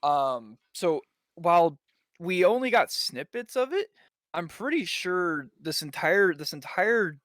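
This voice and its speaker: A man's voice: sits high, big pitch swings, slow, a bit bright, no room sound. Young male panelist, casual and meandering, dry close mic. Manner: rambling, many ums and restarts. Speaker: podcast panelist. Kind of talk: casual chat.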